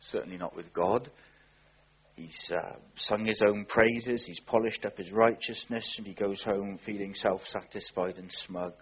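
A man's voice: fairly low pitch, husky, muffled recording. A man preaching a sermon, earnest and emphatic, asking rhetorical questions.

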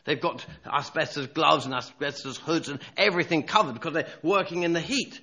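Male preacher from England, dramatic storyteller, raspy and bright, on a slightly high voice. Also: a little fast. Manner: dramatic storytelling, swings from loud urgency to hushed tones. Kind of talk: sermon. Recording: dull lo-fi recording.

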